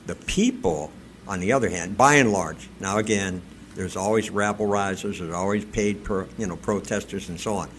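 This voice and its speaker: A man's voice: low-pitched, normal speed, fairly bright tone, a little hiss or hum. A man co-hosting a talk radio show, speaking in a plainspoken, opinionated, conversational way. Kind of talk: casual talk radio chat.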